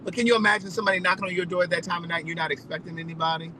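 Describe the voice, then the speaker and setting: A man telling a story in a casual, animated, profane way, repeating phrases for emphasis. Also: high voice, very fast, noisy background. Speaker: vlogger.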